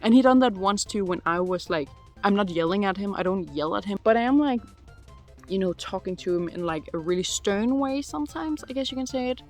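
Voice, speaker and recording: A woman's voice: mid-range voice, expressive, fairly quick, darkish tone, soft background music. Giggly chatty woman in her twenties. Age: 20s. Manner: chatty and giggly, full of "like" fillers. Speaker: vlogger answering viewer questions. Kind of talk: casual chat. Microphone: phone.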